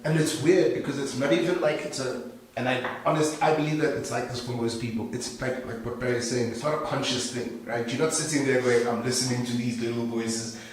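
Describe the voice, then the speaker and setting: A man's voice: medium pitch, steady tone, fairly quick. A man, a guest in casual conversation, speaking candidly and laughing easily. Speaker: guest team member. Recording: echoey room, mic at a distance.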